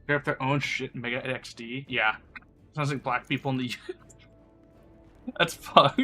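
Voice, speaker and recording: A man's voice: medium pitch, steady tone, unhurried, sharp tone, soft background music. A sick man streaming live, rambling crudely in casual chat and laughing often.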